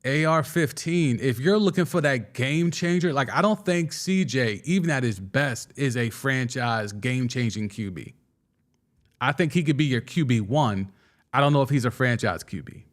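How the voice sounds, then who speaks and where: A young man hosting a casual sports talk show, excitedly giving his takes and answering viewer comments, often restarting and stumbling over his words. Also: medium pitch, normal speed. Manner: excitable, with frequent restarts and stammers. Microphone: studio microphone.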